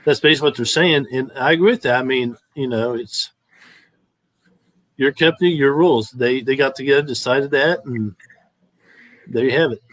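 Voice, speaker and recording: A man hosting a sports talk show, giving measured, matter-of-fact opinions. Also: medium pitch, a bit bright, no echo, poor audio.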